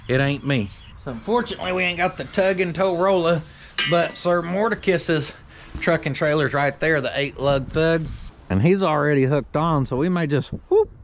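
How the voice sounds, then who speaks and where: A shop owner who runs a vlog channel gives casual commentary outside behind his workshop, by a carport. He talks with a folksy, joking style and country slang in a fairly high voice, with a little hiss or hum present.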